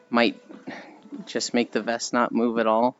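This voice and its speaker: A woman's voice: extremely low pitch, lo-fi sound. A woman streamer chatting casually and rambling with frequent giggles while she walks. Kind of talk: casual chat while walking.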